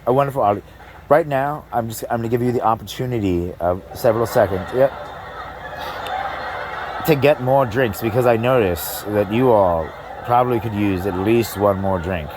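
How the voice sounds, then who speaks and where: A man's voice: lowish voice, normal speed, noisy background. A man doing a stand-up comedy set in a club, rambling, breaking off mid-sentence and laughing at his own jokes.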